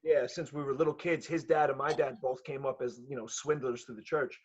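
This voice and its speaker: A middle-aged man, a jiu-jitsu gym owner telling a profane, animated story in casual chat. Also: mid-range voice, a little fast. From New York. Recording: dull lo-fi audio.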